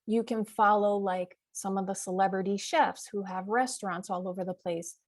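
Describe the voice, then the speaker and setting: A middle-aged woman from the US East Coast talks as a podcast guest in an eager, chatty way, piling up examples and filling pauses with "you know" and "uh". Her voice sits at a medium pitch. The recording is dry and close, with no room sound. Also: fairly even intonation, no echo. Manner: chatty, enthusiastic, lists examples with frequent fillers. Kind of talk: casual interview chat.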